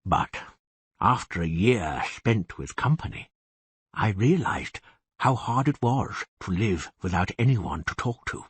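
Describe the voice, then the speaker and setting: Husky, low-voiced beast-man done by a male reader, genial and boastful, audiobook, dry close sound. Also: lively intonation, measured pace, dry recording, full character voice. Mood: rueful. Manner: chatty, confiding, wry. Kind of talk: audiobook reading.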